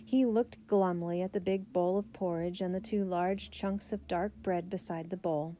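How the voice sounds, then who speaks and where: A woman narrating a children's biography aloud, steady and gentle. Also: fairly low pitch, moderate pace, a little hiss or hum.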